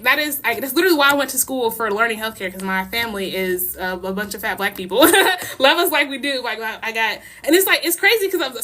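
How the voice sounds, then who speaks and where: A young American woman hosting a casual livestream, talking in a rambling, passionate way with quick laughs and many restarts. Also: fairly high pitch, bright, forceful tone. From United States. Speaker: livestream host.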